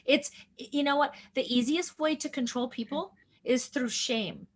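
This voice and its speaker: High-voiced woman telling an earnest story. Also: unhurried, slightly rough. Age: 40s. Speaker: guest doctor. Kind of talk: conversational interview.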